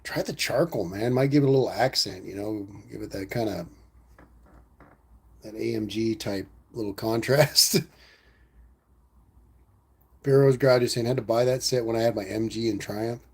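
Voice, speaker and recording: A man's voice: fairly low pitch, moderate pace, long pauses, a little mellow, husky. A man hosting a casual livestream, reading viewer comments aloud and answering in a laid-back, rambling way. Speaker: livestream host reading chat.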